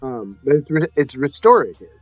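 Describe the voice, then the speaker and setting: A man's voice: fairly high pitch, very animated, moderate pace, dry recording, soft background music. A man casually telling a personal story on a podcast, rambling and correcting himself as he goes. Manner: rambling, self-correcting, acts out voices in his stories. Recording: dry, slightly muffled podcast audio.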